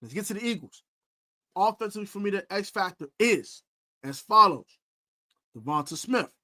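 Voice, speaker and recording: A lively man with a bright, forceful voice, taunting and boasting as he previews a football game. His pitch swings widely as he repeats his jabs over and over, and he mixes slang in with the talk. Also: normal speed, pauses often. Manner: animated, boastful, repetitive taunting. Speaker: sports podcast host. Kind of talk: trash-talking football preview.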